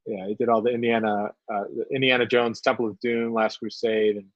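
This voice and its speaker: A man co-hosting a live painting stream, talking casually in halting, joking bursts full of uhs. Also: lowish voice, level tone, dry recording, highs cut off. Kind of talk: casual chat while painting.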